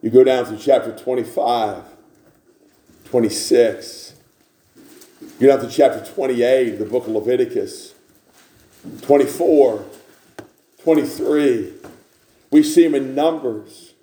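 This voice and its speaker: A man's voice: mid-range voice, a little slow, long pauses, warm tone. A man preaching a sermon, reading scripture aloud and repeating key phrases with emphasis. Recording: echoey room.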